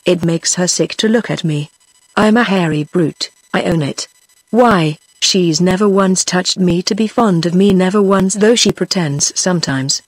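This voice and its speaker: A synthetic woman's voice reading the lines of a bitter, angry middle-aged working man in an audiobook, in a flat machine delivery. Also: lowish voice, measured pace, husky, no echo.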